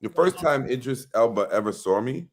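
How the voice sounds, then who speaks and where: A man's voice: mid-range voice, normal speed. A middle-aged man, an actor, chatting casually in an interview and telling stories with quoted voices acted out. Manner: animated storyteller who acts out quoted voices. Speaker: actor guest.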